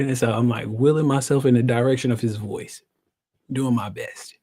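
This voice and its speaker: His mid-range voice has a dark, breathy tone and fairly even intonation, delivered at a moderate pace. This guest in his thirties animatedly recounts something that happened to him, joking, laughing a lot, and doing the voices of the others involved.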